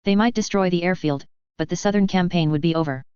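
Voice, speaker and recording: A steady storyteller reads a fan fiction aloud, very smooth and clear. The sound is dry with no room, and a touch dull and lo-fi. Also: medium pitch, quick pace, dry recording. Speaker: narrator. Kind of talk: audiobook fan fiction reading. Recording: dry, slightly dull lo-fi recording.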